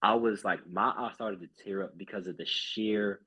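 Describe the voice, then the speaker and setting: A man's voice: lowish voice, moderate pace, pushed and bright, breathy edge. A man who is a group fitness instructor, talking earnestly as a podcast guest and often restarting his sentences. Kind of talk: casual podcast chat.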